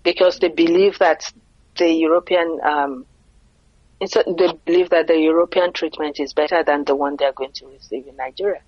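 A woman speaking earnestly in a conversational interview, explaining her view and pausing to rephrase. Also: deep voice, fairly even intonation, darkish tone, dry recording, lo-fi sound.

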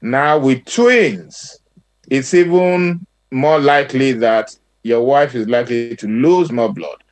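A Nigerian doctor explains medical matters patiently on a talk show. He speaks slowly, at a middle pitch, and slips into Pidgin phrases. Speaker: guest doctor.

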